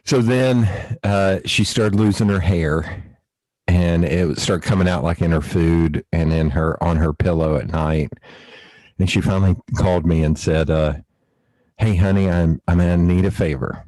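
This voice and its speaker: A man with a low voice hosts a relaxed podcast chat. He tells stories with animation and breaks into laughter often. The sound is dry and close, with no room around him. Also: a little slow, no room sound, low-quality recording. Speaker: podcast host. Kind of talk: casual storytelling chat.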